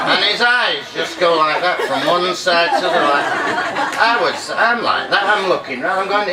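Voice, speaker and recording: A man's voice: on the high side, animated, unhurried, pauses often. A man doing a live stand-up comedy monologue at a reunion, rambling, losing his place and bantering with the crowd. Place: hall at a treatment centre reunion, live audience. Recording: echoey room, distant mic, loud crowd ambience.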